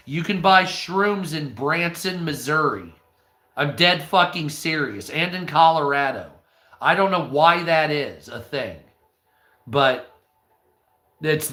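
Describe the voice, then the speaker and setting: An American man hosts a livestream, chatting casually, swearing freely, rambling through stories, and answering his chat. His voice is a little high, pushed, and bright. The sound is roomy.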